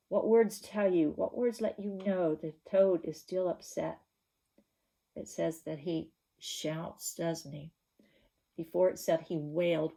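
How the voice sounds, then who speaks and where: A woman's voice: fairly low pitch, gravelly, dark tone. A woman teacher giving a reading lesson to young children, patiently asking questions to prompt the class.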